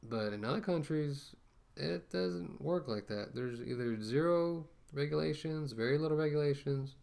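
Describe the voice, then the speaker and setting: A man's voice: fairly high pitch, animated, moderate pace, gravelly, a little mellow. A man ranting casually to camera as a vlogger, rambling with many fillers and restarts, talking through a mask.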